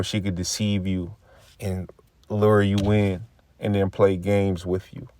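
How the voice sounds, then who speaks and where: A man's voice: on the low side, warm tone, dry recording. A man giving casual, profane religious commentary, reading scripture lines and acting out quoted remarks. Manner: preachy, profane, repeats phrases, acts out quoted remarks.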